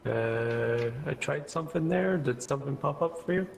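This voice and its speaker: A man chatting casually while setting up a shared stream, hesitant and unsure, with many pauses. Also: fairly high pitch, gravelly, slight background noise. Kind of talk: casual chat while gaming.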